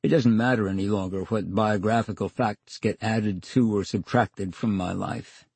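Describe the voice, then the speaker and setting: A man's voice: on the low side, steady tone, moderate pace, gravelly, a little mellow, breathy edge, dry recording. An older man telling stories as a guest in a radio interview, acting out the dialogue with dry wit. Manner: theatrical storyteller, acts out dialogue, wry. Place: radio studio.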